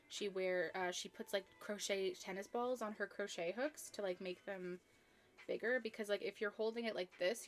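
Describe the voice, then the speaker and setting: A young woman chatting casually on a crochet live stream, rambling with lots of ums and restarts. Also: medium pitch.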